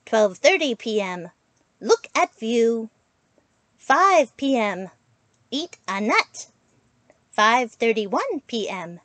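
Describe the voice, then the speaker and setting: A woman reading a children's picture book aloud in a slow, expressive storytelling voice. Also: no room sound. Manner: slow, expressive read-aloud with big pitch swings.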